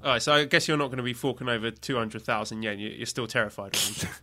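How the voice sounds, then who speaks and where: A man hosting a casual interview podcast, asking questions briskly and joking with his guest. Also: medium pitch, sharp tone. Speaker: podcast host.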